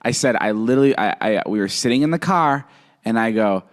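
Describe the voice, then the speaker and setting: A man's voice: on the low side, lively intonation, fairly quick. A young man in his twenties co-hosting a podcast, talking in a casual, exasperated way and swearing as he protests. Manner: exasperated, swearing, tells stories with acted quotes. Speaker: podcast co-host.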